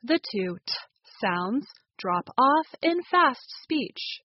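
A fairly high-voiced American woman teaches pronunciation, speaking very slowly with a lively, rising-and-falling melody. She reads from a script and models each example with care. The recording is dry and slightly dull. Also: no room sound. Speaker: English teacher and show host. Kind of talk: scripted slow teaching narration.

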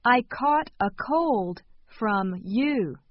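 Woman reading lesson phrases slowly n carefully, dry close sound, kinda high voice. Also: no echo. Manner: calm, careful enunciation. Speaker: language lesson speaker. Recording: dull, lo-fi sound.

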